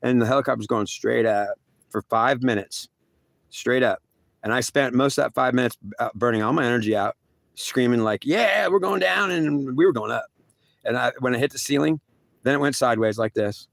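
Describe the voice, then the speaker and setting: A man's voice: mid-range voice, fairly even intonation, a little fast, creaky, no echo. A man telling a rambling first-person story, repeating himself and filling with "like" and "literally.".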